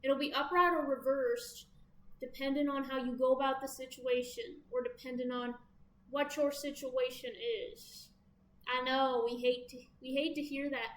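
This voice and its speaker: A woman's voice: high voice, steady tone, normal speed. Southern-accented woman doing a casual tarot reading, caffeinated and chatty, roomy echo with a faint hiss behind. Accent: American Southern. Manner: chatty, caffeinated, playful asides. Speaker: tarot reader. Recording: echoey room with faint background noise.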